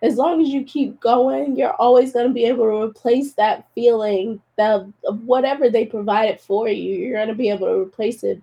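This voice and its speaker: A tearful woman hosts a solo podcast, talking casually and encouraging her listeners, whom she calls "y'all," while she cries. Her voice is a little high, and the recording sounds muffled.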